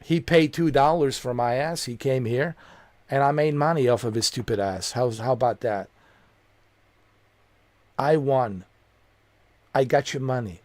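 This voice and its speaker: A man's voice: mid-range voice, unhurried, long pauses, darkish tone, no room sound. Man, angry streamer rant, profane, repetitive, dry close mic. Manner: heated, profane, repetitive, confrontational.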